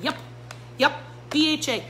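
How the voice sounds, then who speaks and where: A woman's voice: sits high, a little slow, a bit bright, a little hiss or hum, poor audio. A woman who runs a pet store, giving a fired-up live-stream talk straight to her viewers. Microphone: phone or camera mic.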